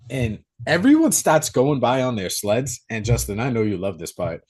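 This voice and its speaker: A young man co-hosting a podcast, recapping a horror movie in a profane, animated way. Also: medium pitch, normal speed, breathy edge. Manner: profane, animated storytelling with acted-out quotes. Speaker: podcast co-host. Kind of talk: casual movie recap chat.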